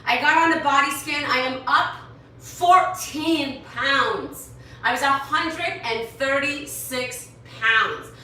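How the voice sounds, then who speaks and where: A woman's voice: sits high, takes it slowly, pushed and bright, heavy reverb, far from the mic, a little hiss or hum, poor audio. A woman in her thirties from New York, a fitness coach talking earnestly and rambling a bit to her followers. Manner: earnest, rambling, repeats herself. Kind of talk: casual talk to followers.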